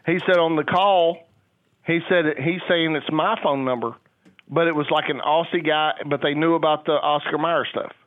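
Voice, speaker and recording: A man's voice: a little high, steady tone, normal speed, no echo. An older man on a phone call, a father who talks in a rambling, hesitant way with many fillers. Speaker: caller, a father. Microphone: telephone. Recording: tinny phone line.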